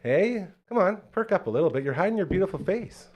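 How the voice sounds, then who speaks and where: A man hosting a live local talk show with energetic, hype delivery, from Canada. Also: high voice, fast, highs cut off, slight background noise. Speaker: host.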